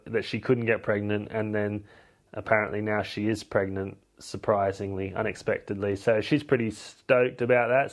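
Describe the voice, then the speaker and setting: A man hosts his podcast, talking through a film in a loose, chatty recap. His delivery is cheeky and irreverent, and his voice sits in an ordinary middle register. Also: mid-range voice. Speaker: podcast host.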